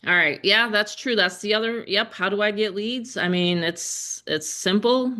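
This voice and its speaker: Chatty bright-voiced woman in her fifties. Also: mid-range voice, moderate pace. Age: 50s. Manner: chatty, laughing, rambling asides. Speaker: business trainer. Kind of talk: casual group call. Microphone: headset or desk microphone.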